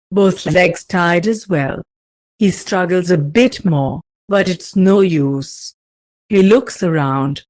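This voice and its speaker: Slow, low-voiced woman narrator. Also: dry recording. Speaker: story narrator. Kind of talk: reading fan fiction aloud.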